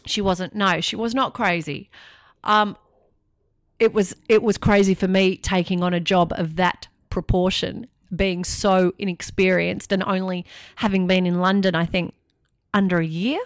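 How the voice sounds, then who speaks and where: A woman's voice: on the low side, a little slow, dry recording, studio quality. A woman, a music broadcaster telling stories in a casual interview and laughing often. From Australia. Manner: animated storytelling, laughs often.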